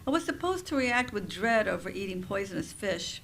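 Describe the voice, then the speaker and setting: A woman professor and author reading her own nonfiction aloud at a campus writing center event, with expressive, wry storytelling. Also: medium pitch, brisk, vocal fry, slight background noise, rough recording.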